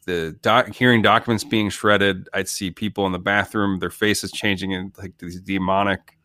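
A man's voice: low-pitched, little pitch movement, normal speed, bright, forceful tone, no echo, studio quality. A man co-hosting a podcast, chatting casually and jokily about a movie, rambling with many restarts. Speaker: podcast co-host. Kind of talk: casual comedic movie chat.

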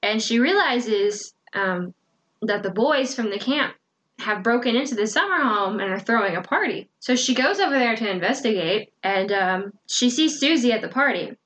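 Woman, slightly high voice, casual podcast chat, chatty storytelling, lots of fillers. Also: lively intonation, moderate pace, fairly bright tone. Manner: chatty, dramatic retelling with filler words. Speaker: podcast co-host recapping a book.

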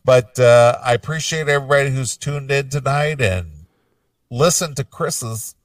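A man's voice: mid-range voice, moderate pace, no echo, far from the mic. Laid-back man co-hosting a metal show. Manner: rambling, laid-back, lots of fillers. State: hiccups. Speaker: podcast co-host. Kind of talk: casual chat.

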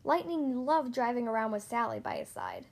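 A woman reading a children's story aloud, gentle and expressive. Her voice sits notably high and bright in pitch for a woman. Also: normal speed, creaky. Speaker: storybook reader.

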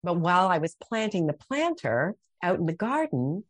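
A woman's voice: fairly low pitch, big pitch swings, moderate pace, no room sound. A middle-aged woman talking as a podcast guest, earnest and heartfelt, often restarting her sentences. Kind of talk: conversational interview.

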